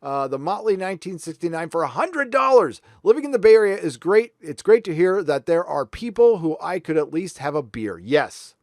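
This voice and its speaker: Blunt, lively man reading donations. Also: high voice, normal speed, hardly any pauses, dry recording, studio quality. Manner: blunt and profane, sarcastic asides. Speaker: livestream host. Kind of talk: casual livestream chat reading viewer donations.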